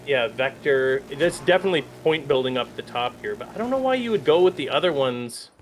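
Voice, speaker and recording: A man chats casually through a co-op zombie game, reacting with quick bursts of excitement. His voice sits at an ordinary middle pitch. A faint hiss and the game's gunfire run underneath. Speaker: gaming channel co-host. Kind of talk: casual gameplay chat.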